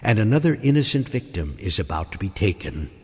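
A man narrating a spooky story in a theatrical style that swells toward shouting at the climax. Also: on the low side, big pitch swings, a little fast, breathy edge. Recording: reverberant hall with music beneath.

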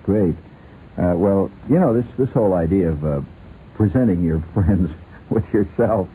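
A man's voice: deep voice, animated, moderate pace, warm tone. Rambling playful male radio host. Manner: playful, rambling, laughs often. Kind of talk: rambling comic radio talk. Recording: tinny lo-fi radio with faint hiss.

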